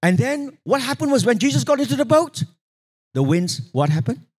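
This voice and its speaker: Man, preacher, high voice, animated sermon storytelling, calls for congregation responses. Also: moderate pace, breathy edge. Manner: animated storytelling, acting out quoted voices, sudden pitch jumps.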